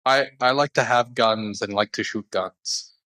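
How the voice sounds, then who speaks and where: Here a podcast co-host chats casually, his medium-pitched voice a little slow and sharp in tone. He rambles in a relaxed way with many fillers, captured on a low-quality recording.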